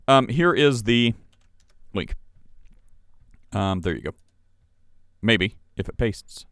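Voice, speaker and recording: Man with a smooth, dry voice. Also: fairly low pitch, lively intonation, takes it slowly, fairly bright tone, no echo. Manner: reads articles aloud, puts on mock voices for quoted people. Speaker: podcast host. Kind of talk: casual livestream commentary.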